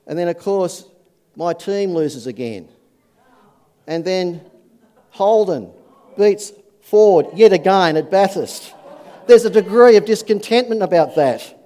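A man preaching a sermon, telling anecdotes with lively punchlines and dropping low and soft for scripture.

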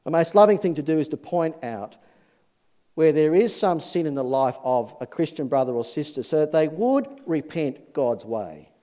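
A man's voice: on the high side, lively intonation, moderate pace, warm tone. A man preaching a sermon in an earnest, folksy way, with many fillers and restarts. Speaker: pastor.

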